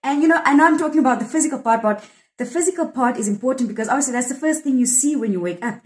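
A woman's voice: high voice, racing, a little mellow, poor audio. A woman in her thirties with a South African accent, talking earnestly and reflectively about her poem in an interview, often restarting her sentences. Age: 30s. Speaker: poet discussing her poem. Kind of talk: candid conversational interview.

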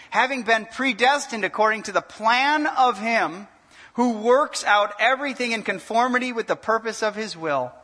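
A male pastor preaching a sermon in an animated way, asking the congregation questions and joking. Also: high-pitched. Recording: long hall reverb.

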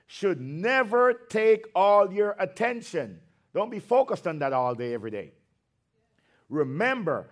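A male pastor preaching a sermon, drawing out his words for emphasis and breaking into conversational asides between scripture readings. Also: on the high side. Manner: slow, emphatic preaching with drawn-out phrases.

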